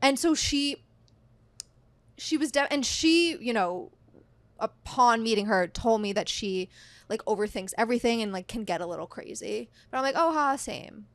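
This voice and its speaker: A chatty woman in her thirties tells a story as a podcast guest, her voice sitting a little high. She talks in an animated rush, filling her sentences with "like." The sound is close and dry, with no room around it. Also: moderate pace, dry recording. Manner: chatty, heavy use of "like", animated retelling. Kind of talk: casual storytelling chat.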